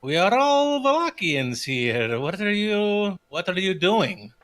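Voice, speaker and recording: A prickly female steward, played by a man in a tabletop game. Her voice is raised above his usual pitch. She answers challenges sharply and defensively. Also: sing-song, slow pace, a bit bright, heavily acted. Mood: indignant. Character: flustered female town steward, indignant.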